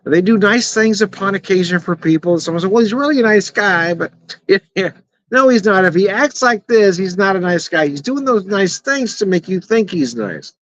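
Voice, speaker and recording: Middle-aged male vlogger, outspoken and profane, laughs a lot, lightly raised pitch, dull lo-fi audio. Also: lively intonation, normal speed, fairly bright tone. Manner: blunt and profane, chuckles often. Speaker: beer and whiskey reviewer. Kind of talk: casual rambling vlog. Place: outdoors in the evening. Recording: dull, slightly lo-fi and dry.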